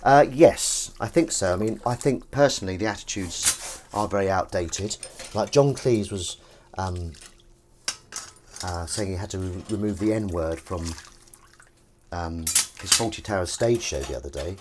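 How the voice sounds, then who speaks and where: Doing dishes on his livestream, a deep-voiced man talks a little slowly, rambling chattily and breaking off mid-thought. Background noise includes clattering plates and cutlery.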